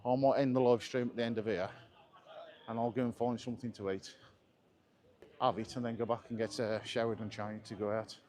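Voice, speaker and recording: A man's voice: medium pitch, steady tone, fairly quick, pauses often, a little mellow. A man chatting enthusiastically as he walks through resort streets, live-streaming a travel vlog from a handheld camera. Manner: chatty, enthusiastic tour commentary. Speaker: travel vlogger. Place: outdoors on busy resort streets. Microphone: handheld camera while walking.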